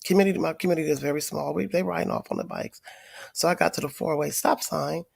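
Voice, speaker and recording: A middle-aged grandmother livestreaming to her viewers, telling a story in an animated, emphatic way with lots of swearing. She is sick with a cold, wheezing and tired. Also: low-pitched, fast, creaky, breathy edge, dry recording. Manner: profane, emphatic, addresses viewers directly. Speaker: livestream host.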